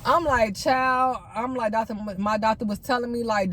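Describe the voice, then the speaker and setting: A woman's voice: fairly high pitch, fairly even intonation, normal speed, a bit bright, a little hiss or hum. Chatty young woman telling a story. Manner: chatty, addresses viewers as y'all. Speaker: vlogger. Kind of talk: storytime mukbang chat.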